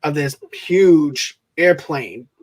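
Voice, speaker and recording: A man with a fairly high voice co-hosting a casual movie review podcast. He jokes around and laughs at his own remarks as he talks through scenes. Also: drawn-out words. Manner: laughs often, joking and playful. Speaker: podcast co-host.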